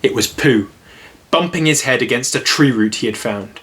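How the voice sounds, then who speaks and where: A man giving a relaxed storybook reading and then chatting about the story in a gentle, easygoing way with easy laughs. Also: mid-range voice, moderate pace.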